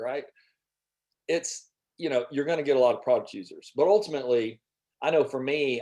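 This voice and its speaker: A man hosting a sales workshop, giving a casual, energetic motivational talk full of restarts and little jokes. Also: mid-range voice. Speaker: workshop host.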